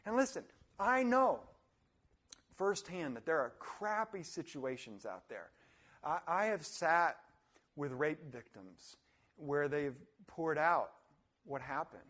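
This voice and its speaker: A man giving a motivational talk in an animated way, laughing often and acting out little voices. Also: a little high, takes it slowly. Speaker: motivational speaker.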